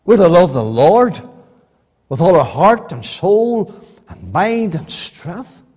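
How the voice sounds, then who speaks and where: A man preaches in a high, ringing voice. He swings from loud, rising appeals to quiet, earnest asides, and his words trail off into the long reverb of a church hall. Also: sing-song, takes it slowly, slightly rough. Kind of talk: sermon.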